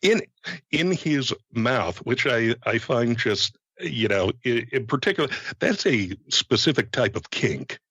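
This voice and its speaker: A man co-hosting a casual podcast, rambling and halting with lots of fillers and stutters. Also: medium pitch, animated, sharp tone, slightly rough, no echo. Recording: dull lo-fi sound.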